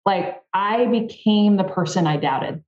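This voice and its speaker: A woman guest on a podcast, telling a story in a casual, animated way with a lot of "like". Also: medium pitch, a little slow, reverberant, muffled recording. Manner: animated, fillers with "like", acts out her own thoughts. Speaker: podcast guest, former softball player.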